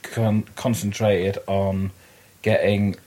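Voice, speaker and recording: A man's voice: lowish voice, level tone, slow pace, a little mellow. A man in casual film chat, joking and swearing, laughing often.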